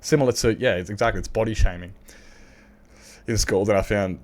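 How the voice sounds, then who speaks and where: Australian man, low-ish voice, candid streamer. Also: steady tone, fairly quick. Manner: candid, swears freely, frequent laughs. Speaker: livestreamer. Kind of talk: casual chat while gaming.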